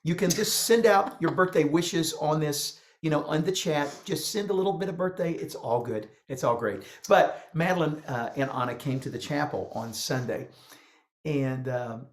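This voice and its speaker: A man's voice: a little high, moderate pace. A man in his sixties from West Virginia co-hosting a casual home video-call show, talking in upbeat, rambling stretches. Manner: rambling, upbeat, warm-hearted asides. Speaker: co-host. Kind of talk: casual chat. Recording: echoey room.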